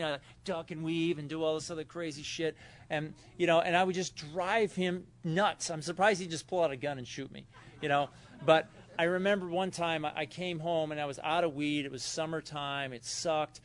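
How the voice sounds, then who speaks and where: Man with a Southern California accent, a little high-pitched, tells a loose, rambling recovery story at a meeting. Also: fairly even intonation, fairly quick. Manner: loose, rambling, acts out quotes loudly. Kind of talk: personal story told to a meeting. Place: hotel meeting room.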